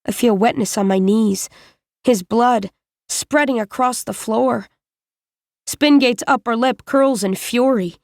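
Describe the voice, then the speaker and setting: A woman reading a first-person novel aloud as an audiobook narrator, in a measured, deliberate way. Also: fairly high pitch, vocal fry, darkish tone, no echo, studio quality.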